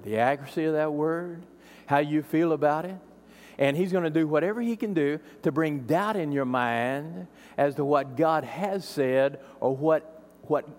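A man's voice: a little high, a little mellow. Man preaching in an echoing hall. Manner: emphatic, rising to repeated phrases. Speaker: pastor. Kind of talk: expository sermon.

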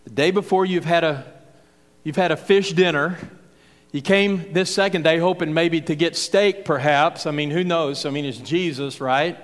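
A man's voice: fairly high pitch, normal speed. A man preaching a verse-by-verse sermon in a folksy, conversational way, acting out the voices of the crowd and of Jesus. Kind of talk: expository sermon. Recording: long hall reverb.

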